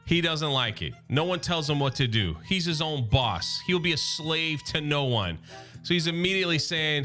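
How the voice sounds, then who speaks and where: A man's voice: fairly high pitch, bright, forceful tone. A man hosting a casual, enthusiastic comic recap, chatty and full of filler words. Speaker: YouTube host recapping a comic series.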